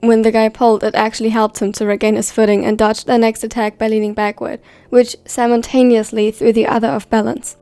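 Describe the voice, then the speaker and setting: A woman reading a story aloud in a steady, even scripted narration. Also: fairly high pitch, fairly quick, few pauses, no echo. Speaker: fan fiction reader.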